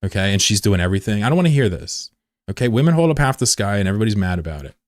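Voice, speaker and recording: A man streaming live, chatting bluntly and profanely with viewers, swinging between loud outbursts and low mutters. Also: very animated, racing, no room sound, studio quality. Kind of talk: casual live-stream chat.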